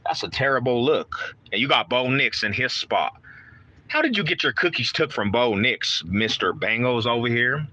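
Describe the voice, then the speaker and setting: A man's voice: mid-range voice, animated, moderate pace, bright, forceful tone. A man live-streaming from his car on the way to work, chatting hyped and trash-talking, calling everyone bro. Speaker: live-streaming sports fan host. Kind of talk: casual live stream chat. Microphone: phone in hand.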